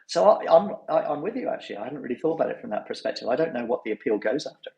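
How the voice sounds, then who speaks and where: A man hosting a casual podcast chat, talking in an animated way and acting out what others said. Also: medium pitch, rapid-fire, creaky, reverberant, muffled recording. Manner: animated, mimics others in quotes. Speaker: newsletter host.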